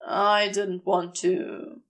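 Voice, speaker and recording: A woman voicing a flustered, wry male demon with a rough, lowered voice, reading a storybook aloud. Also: level tone, very slow, fairly bright tone.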